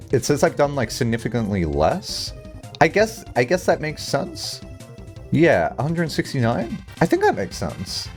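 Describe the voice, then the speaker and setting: A man livestreaming, chatting casually with his viewers in a lively, rambling way, swearing freely and filling his talk with "like". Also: medium pitch. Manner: animated, chatty, swears casually, many "like" fillers. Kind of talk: casual livestream chat, answering chat.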